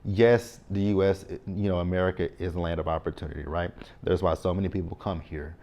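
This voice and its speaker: A man in his thirties hosting a casual TV recap, chatty and animated, often tossing in "right?" asides. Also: sits low, fairly quick, a little hiss or hum. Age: 30s. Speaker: recap channel host.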